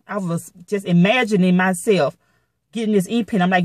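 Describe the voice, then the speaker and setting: A woman's voice: mid-range voice, steady tone, moderate pace, no echo, studio quality. Blunt, profane storytelling woman. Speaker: vlogger. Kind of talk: casual storytelling to viewers.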